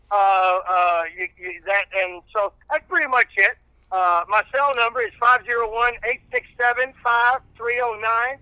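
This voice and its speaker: A man, chatting casually as a guest on a podcast, folksy and halting with many fillers. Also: very high voice, pushed and bright, clear, resonant tone, no room sound, poor audio. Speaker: radio host and guest.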